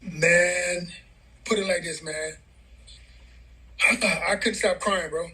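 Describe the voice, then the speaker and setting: High, bright-voiced man telling a story. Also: steady tone, takes it slowly, low-quality recording. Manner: casual, loose, repeats "man" and "bro". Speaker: guest. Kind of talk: emotional storytelling in an interview.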